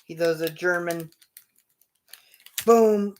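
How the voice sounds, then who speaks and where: A man hosting his own show, narrating imagined wrestling action in a casual play-by-play, punctuated with loud sound-effect bursts. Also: high-pitched, takes it slowly, slight background noise. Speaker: show host.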